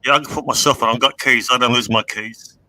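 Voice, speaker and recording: A man joining a livestream as a guest, in casual chat, making dry, deadpan jokes. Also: mid-range voice, quick pace. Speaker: guest caller on a stream.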